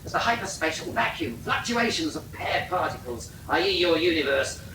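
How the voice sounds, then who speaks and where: A man voicing a secretive male captain who talks in a low, confiding, matter-of-fact way in a storytelling monologue. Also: lively intonation, moderate pace, natural voice. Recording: roomy distant recording, faint rumble.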